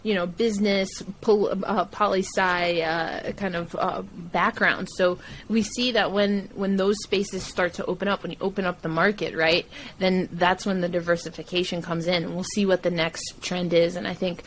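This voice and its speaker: Animated woman podcast guest. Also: lowish voice, normal speed, slight background noise, poor audio. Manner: animated, laughs often, acts out quoted dialogue. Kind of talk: casual interview chat.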